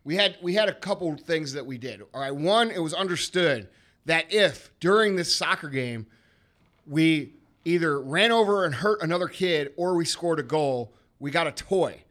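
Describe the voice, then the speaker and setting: A man in his thirties hosts a podcast, telling stories with emphatic, profane energy. His voice is bright and forceful, pitched a little high. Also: expressive, normal speed. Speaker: podcast host. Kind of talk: casual podcast chat.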